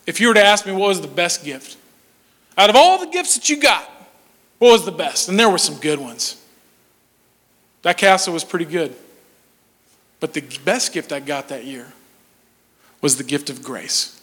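Man in his forties, high voice, animated storyteller who drops to a hush, hall echo. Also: fairly quick. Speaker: speaker telling a personal story. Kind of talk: storytelling talk to an audience. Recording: long hall reverb.

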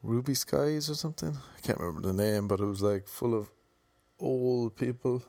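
A man's voice: medium pitch, dark tone, dry recording. Irish man telling a rambling funny story. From Ireland. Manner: rambling, jokey, drops into quick mock voices. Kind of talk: casual comedic storytelling.

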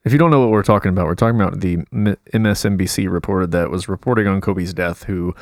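A man co-hosting a podcast in casual, animated chat, often laughing. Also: deep voice, quick pace, dry recording, clean studio sound. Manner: animated, laughing, voice jumps up when excited. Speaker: podcast co-host.

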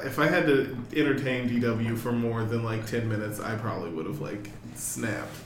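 A man's voice: mid-range voice, moderate pace, a little hiss or hum. Sarcastic man with dry quips, echoey room. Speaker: podcast co-host. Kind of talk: casual chat. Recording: echoey room with faint ambience.

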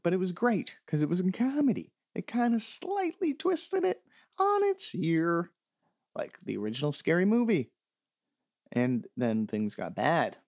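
Man, comedy podcast host, sarcastic swearing rants, very animated pitch, dry close sound. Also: no room sound. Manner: sarcastic, profane mock-ranting. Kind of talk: comedic podcast reading listener emails.

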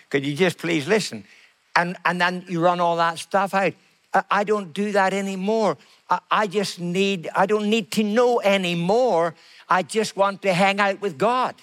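Guy preaching, kinda high voice, slow and emphatic, repeats himself a lot. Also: steady tone, a bit bright, clean tone. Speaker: pastor. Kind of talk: sermon.

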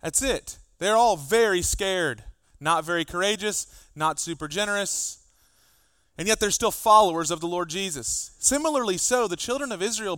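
A man, a pastor, preaching a sermon, animated and acting out exchanges with his children. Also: high-pitched, clean tone, dry recording, studio quality. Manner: animated, acts out dialogue with his kids.

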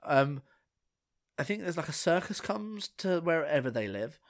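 A man co-hosting a relaxed podcast, his voice sitting a little high. He talks animatedly and often stumbles and restarts mid-sentence when he gets going. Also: moderate pace. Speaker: podcast co-host. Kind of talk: casual chat.

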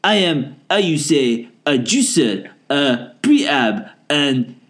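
A man's voice: on the high side, sing-song, slow pace, background noise. Man putting on a fake French letter writer. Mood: mock pompous.

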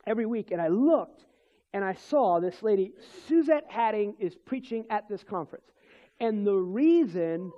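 High-voiced man telling a rambling testimony. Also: muffled recording. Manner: rambling storytelling with restarts and chuckles. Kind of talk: personal testimony in conversation.

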